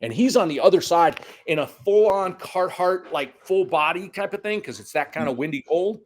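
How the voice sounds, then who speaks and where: A middle-aged man, a high school soccer coach, telling stories in a casual conversation, acting out quotes and cursing now and then. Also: normal speed. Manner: animated storyteller, acts out quotes, swears.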